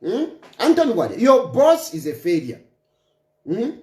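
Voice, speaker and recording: A Zambian political commentator rants with passion, taunting and emphatic, driving his points home through repetition. His voice is high and dark-toned, swinging hugely in pitch at a slightly slow pace. The room adds a noticeable echo.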